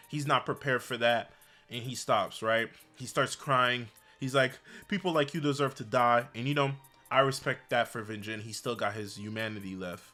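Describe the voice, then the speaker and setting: A man with a bright, ringing voice talks through a comic chapter in a loose, slangy way. He tells the story with animated energy. Soft music plays faintly underneath. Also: mid-range voice. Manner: animated, slangy storytelling, frequent "bro" and "basically". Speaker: manhwa recap YouTuber. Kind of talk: casual chapter recap.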